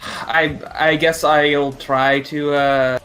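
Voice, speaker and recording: Hesitant young man with a bright voice. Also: fairly high pitch, flat delivery, drawn-out words, clear, resonant tone, soft background music. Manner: hesitant, apologetic. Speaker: player. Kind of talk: casual chat in a tabletop game.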